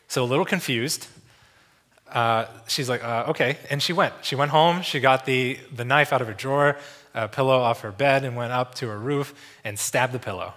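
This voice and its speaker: Male preacher, casual and conversational, mid pitch, lots of fillers. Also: normal speed, fairly bright tone. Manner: tells a story, acting out the voices of the people in it. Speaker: visiting preacher. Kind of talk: sermon.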